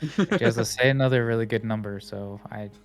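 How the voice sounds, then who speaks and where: Measured man at a tabletop game. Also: medium pitch, soft background music. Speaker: player. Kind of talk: casual tabletop game talk.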